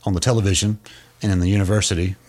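Male podcast co-host, low voice, a casual storytelling explainer who often restarts his sentences. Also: level tone, very fast, a little mellow.

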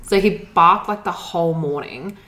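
A woman's voice: fairly low pitch, normal speed, bright, forceful tone, echoey room, slight background noise. A woman from Australia co-hosting a casual podcast, chatty and frank, laughing as she talks. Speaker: podcast co-host. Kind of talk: casual chat.

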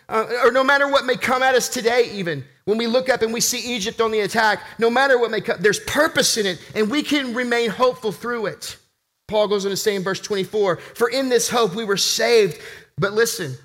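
A man's voice: sits high, a bit bright. A man preaching a sermon as pastor, impassioned, rising and falling for emphasis.

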